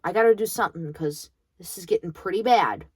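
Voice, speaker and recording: A woman's voice: lowish voice, a little fast, darkish tone, breathy edge, no room sound. A young woman in college venting bluntly about her grandmother, swearing freely in a bitter monologue. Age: young adult. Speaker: vlogger.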